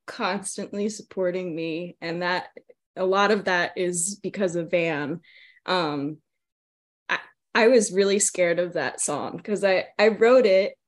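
A young woman in her twenties, a singer-songwriter guest, explaining her songwriting in a soft, hesitant way. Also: lowish voice. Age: 20s. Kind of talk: casual interview chat.

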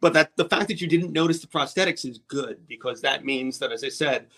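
A man with a slightly higher voice speaks as a filmmaker in a casual interview. He sounds earnest and measured, and he leans on fillers as he talks. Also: pushed and bright, slightly rough.

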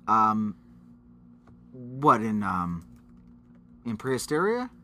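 A man's voice: fairly low pitch, big pitch swings, very slow, bright, forceful tone. A man co-hosting a podcast in casual chat, sarcastic, swearing and riffing on jokes. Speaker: podcast co-host.

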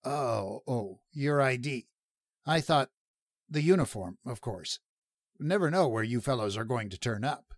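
A man's voice: mid-range voice, animated, unhurried, no room sound. Brief: male reader doing a disapproving jail superintendent, icy, flustered, dry close sound. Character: cold, fussy male prison superintendent.

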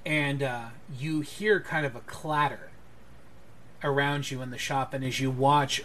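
A man's voice: medium pitch, a bit bright, a little hiss or hum. A man running a tabletop game as game master, describing scenes at length with hesitant fillers.

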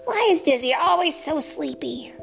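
A woman's voice: high-pitched, normal speed, gravelly, voice pushed up, full character voice. A woman voicing an eager, curious young boy bunny in a storybook reading. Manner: bright, excited storybook voice. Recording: soft background music.

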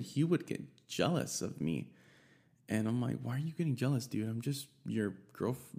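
Gravelly young man rambling a story. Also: lowish voice, a little mellow. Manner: rambling, profane, lots of fillers. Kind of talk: casual storytelling.

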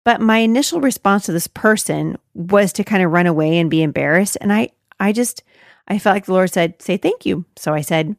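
A middle-aged woman hosts a faith-based talk for mothers, earnest and animated, often breaking off and restarting her sentences. Her voice sits on the low side for a woman. The recording is close and dry, with no room sound. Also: brisk, dry recording. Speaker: podcast host.

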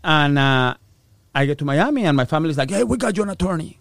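A man with a Spanish-influenced accent tells his story in casual, animated talk and acts out everyone he quotes. His voice sits fairly high for a man. The sound is close and dry. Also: quick pace, vocal fry, no echo. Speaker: guest.

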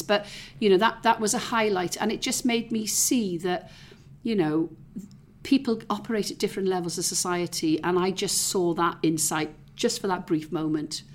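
Speaking at a normal speed in a fairly low voice, this Welsh-accented interview guest looks back on her life in a chatty, reflective way. She's a middle-aged woman from the South Wales valleys, and her talk is peppered with fillers and false starts.

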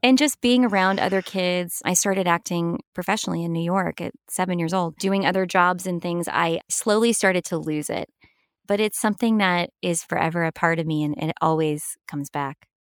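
Upbeat middle-aged woman, low voice. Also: moderate pace, clear, resonant tone, no room sound, studio quality. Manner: enthusiastic, laughs often. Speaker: actress guest. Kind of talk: casual interview chat.

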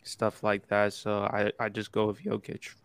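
A man's voice: fairly low pitch, completely flat delivery, moderate pace, a little hiss or hum. A man co-hosting a basketball podcast, questioning the others' picks and then explaining his own. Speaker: podcast co-host. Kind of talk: casual sports debate.

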